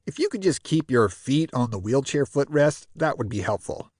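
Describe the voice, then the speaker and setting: A man's voice: medium pitch, sing-song, normal speed, a little mellow, dry recording, studio quality. A man voicing a nasal, cheapskate male care-home manager who speaks politely and ingratiatingly.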